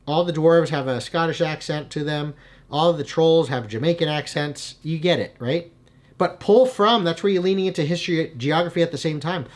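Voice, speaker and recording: An energetic young man talks straight to his viewers, casual and animated, often tossing in "right?" to check they follow. His voice sits a little high for a man. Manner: energetic, conversational, frequent "right?" asides. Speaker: channel host giving tabletop game advice. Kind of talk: casual advice video.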